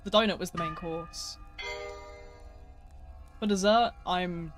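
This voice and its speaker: A man chats casually while streaming a game, his voice sitting high for a man. He jokes around with viewers in a playful, mock-dramatic way. Faint music plays quietly behind him. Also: slow pace, long pauses. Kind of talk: casual live-stream chat while gaming.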